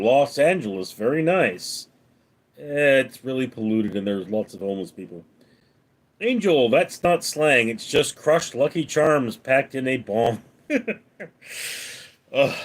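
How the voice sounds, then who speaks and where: A man hosting a late-night live stream, reading viewer comments aloud and answering them with deadpan one-liners. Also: mid-range voice. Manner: deadpan quips between read-out comments. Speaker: livestream host reading chat.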